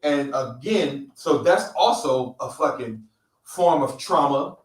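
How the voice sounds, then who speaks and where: Picked up by a distant mic in a roomy space, this podcast co-host is a middle-aged man from California, blunt and heavily profane in a casual roundtable. He tells stories emphatically in a medium-pitched, expressive, slow voice.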